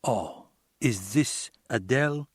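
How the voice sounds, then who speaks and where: A man voicing a cagey Cuban man with a Cuban accent who poses as a magician and speaks in formal, halting phrases. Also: mid-range voice, husky, no echo, clean studio sound.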